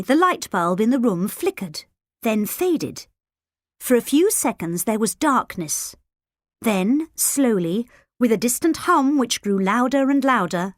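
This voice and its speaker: Lively woman reading a children's storybook. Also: fairly high pitch, no room sound, clean studio sound. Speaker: audiobook narrator. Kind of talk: storybook narration with character voices.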